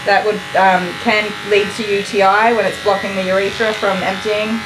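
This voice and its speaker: A woman dog groomer on a live stream, firmly telling a dog to stop and then calmly explaining her work to viewers. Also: medium pitch, normal speed, over music. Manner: firm commands to dog, then calm explaining. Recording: noisy grooming room with clipper buzz.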